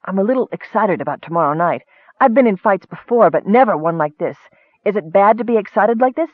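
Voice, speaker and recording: A man voicing an excitable, naive young male kender who rambles on eagerly. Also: sits high, normal speed, no room sound, voice pushed up. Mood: excited. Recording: tinny phone-like sound.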